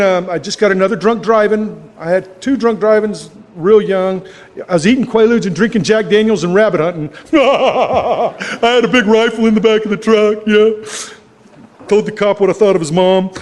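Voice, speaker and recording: Man, fairly high voice, folksy rambling recovery speaker, chuckles at himself, long hall reverb. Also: darkish tone. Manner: folksy, rambling storyteller, laughing often at himself. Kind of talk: personal recovery story talk. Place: club meeting hall.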